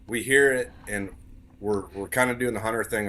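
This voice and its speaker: A man's voice: lowish voice, steady tone, normal speed, pushed and bright. A man as a podcast guest telling a story in casual conversation, earnest, repeating words for emphasis.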